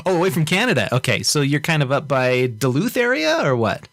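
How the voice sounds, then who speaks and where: A man's voice: on the high side, sing-song, a little fast, fairly bright tone, dry recording, studio quality. A man from Idaho hosting a casual interview podcast, asking questions and giving frequent short acknowledgements. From Idaho, United States. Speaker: podcast host.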